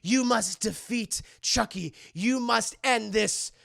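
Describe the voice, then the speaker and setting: A man's voice: sits high, takes it slowly, vocal fry, bright, forceful tone, full character voice. A man voicing an earnest young hero who gives a solemn, overblown speech.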